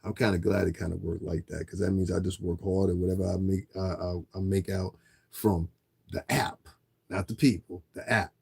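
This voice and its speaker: A man's voice: deep voice, flat delivery, moderate pace, vocal fry, a little mellow, breathy edge. A man livestreaming a casual, rambling, profane rant to viewers, often repeating himself. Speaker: livestreamer asking viewers for donations.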